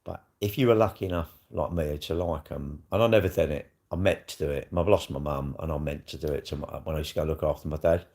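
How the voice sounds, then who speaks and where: A middle-aged man with a South East London accent talks on a live stream in a very deep voice with a gravelly edge. He rambles along bluntly, swearing freely as he chats. The talk is casual and unscripted. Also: fast, few pauses, a little mellow.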